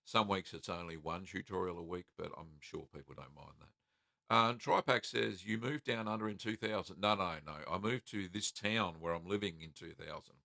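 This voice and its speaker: A middle-aged Australian man from South Australia hosting a live cheese-making Q&A, reading out viewer comments in a relaxed, friendly way with many ums and uhs. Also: deep voice, normal speed, vocal fry, no room sound, studio quality. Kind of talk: casual live-stream chat reading comments.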